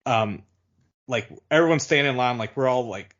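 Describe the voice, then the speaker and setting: A podcast co-host chats casually, rambling with heavy use of "like" and frequent restarts. His medium-pitched voice is a bit bright and moves at a moderate pace. The audio is dull and lo-fi.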